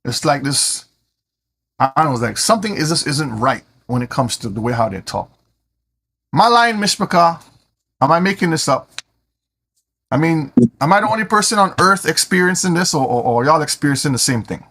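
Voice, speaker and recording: Husky, animated man teaching scripture. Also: fairly high pitch, normal speed. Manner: animated, repeats words when starting sentences. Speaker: Bible teacher.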